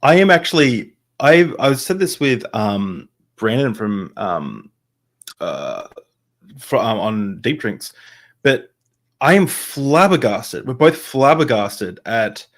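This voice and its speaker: A man's voice: mid-range voice, slow. A male guest in casual chat, rambling with many fillers, his voice rising as he gets going. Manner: rambling, many fillers, voice rises when excited.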